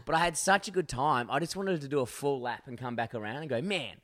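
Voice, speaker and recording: A brash young man in a loose podcast chat, loud and rowdy, swearing freely and laughing through his own stories. His voice sits mid-pitch and sounds close and dry, with no room around it. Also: animated, quick pace, no echo. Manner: crude, loud, jokey storytelling with lots of swearing. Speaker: podcast co-host. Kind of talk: casual chat.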